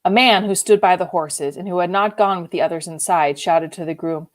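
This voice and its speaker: A woman reading a novel aloud in an expressive, emotionally involved way. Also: fairly low pitch, brisk. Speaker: reader. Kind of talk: audiobook reading.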